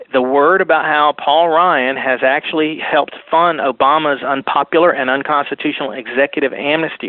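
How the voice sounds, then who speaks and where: A man guest on a political talk radio show, calling in and talking fast and insistently in long run-on sentences. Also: medium pitch, no echo. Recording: phone line.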